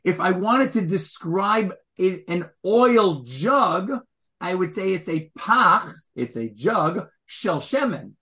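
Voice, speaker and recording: A man's voice: high-pitched, animated, takes it slowly, hardly any pauses, pushed and bright. A man teaching a Torah class. He asks his listeners questions and explains Hebrew wording as he goes.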